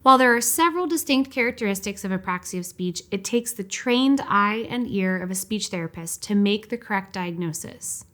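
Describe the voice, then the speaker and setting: Woman narrating a clear explainer. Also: medium pitch, animated, a bit bright. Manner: clear, measured, instructive delivery. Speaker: educational narrator.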